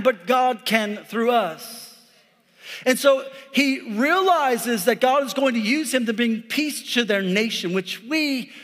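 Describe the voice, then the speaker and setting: Male pastor, 40s, very high voice, casual joking sermon in a big reverberant hall. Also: a bit bright. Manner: joking, conversational preaching with frequent "all right?". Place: church sanctuary.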